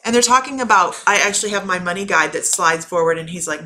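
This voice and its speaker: A woman's voice: lowish voice, fast, bright, forceful tone. A woman working as a spiritual medium, chatting loosely to viewers on a live stream, rambling and cutting herself off and laughing often. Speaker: spiritual medium giving readings.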